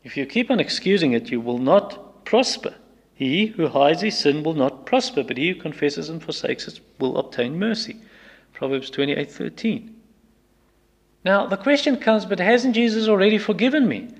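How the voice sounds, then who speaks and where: A man's voice: fairly high pitch, sing-song, normal speed. A man preaching a sermon with emphatic repetition, acting out people's excuses in quoted voices. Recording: long reverb of a hall.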